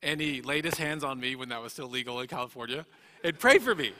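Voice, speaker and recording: A man's voice: mid-range voice, animated, quick pace, bright, forceful tone, slight background noise. Man telling an earnest story in a hall. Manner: earnest, emotional storytelling with many restarts. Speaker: guest speaker. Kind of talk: personal testimony. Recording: echoey hall reverb.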